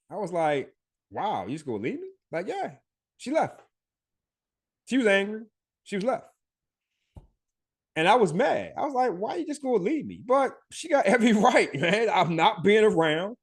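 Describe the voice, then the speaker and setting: Laughing, profane man telling stories. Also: a little high. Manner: loose and profane, laughs often, many fillers. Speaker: podcast host. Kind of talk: casual storytelling.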